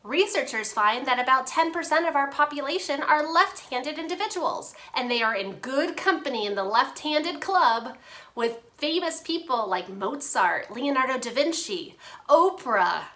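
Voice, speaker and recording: A woman's voice: sits high, lively intonation, moderate pace, a bit bright. A woman occupational therapist giving upbeat, playful teaching tips to parents and teachers, at times chatting with a hand puppet. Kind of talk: instructional talk to parents and teachers.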